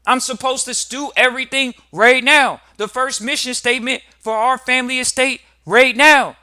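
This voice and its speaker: A man's voice: very high-pitched, fairly even intonation, moderate pace, bright, forceful tone, smooth, voice pushed up, exaggerated voice. A man voicing a hesitant adult man who pleads and complains, making excuses. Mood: whining.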